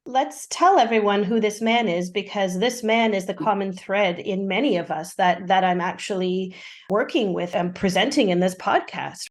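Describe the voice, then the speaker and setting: A woman hosting a podcast, chatting casually and quickly nudging her guest along. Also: mid-range voice. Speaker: podcast host. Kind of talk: casual interview chat.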